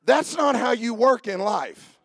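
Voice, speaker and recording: A man preaching a sermon as pastor, building up to shouting and dropping into mock-calm voices for jokes. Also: very high voice, measured pace, vocal fry, husky, dry recording.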